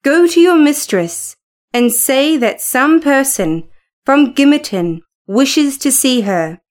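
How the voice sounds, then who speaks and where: A woman's voice: high voice, expressive, slow pace. Woman voicing an eager, impatient young man.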